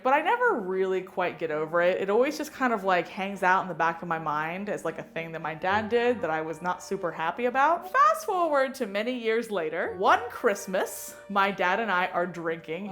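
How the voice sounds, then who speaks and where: A woman's voice: medium pitch, a bit bright. A young adult woman hosting a show, telling a funny personal story in a chatty, self-mocking way with some playful swearing. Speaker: host. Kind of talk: casual comedic storytelling.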